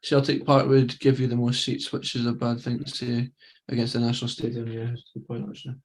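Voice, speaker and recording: A Scottish man co-hosting a podcast, giving quick running football commentary between casual chat. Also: medium pitch, level tone, reverberant. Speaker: podcast co-host. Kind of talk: live football watchalong commentary.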